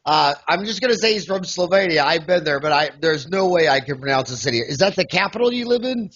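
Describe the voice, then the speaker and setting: A man's voice: fairly high pitch, lively intonation, quick pace, a bit bright, highs cut off. A man from the United States hosting an interview in a joking, rambling way with many fillers. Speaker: podcast host. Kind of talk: casual interview.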